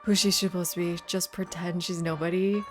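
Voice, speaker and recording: A woman's voice: on the low side, little pitch movement, fairly quick, faint music behind. A woman streaming a video game, making wry, joking asides. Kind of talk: casual gameplay commentary.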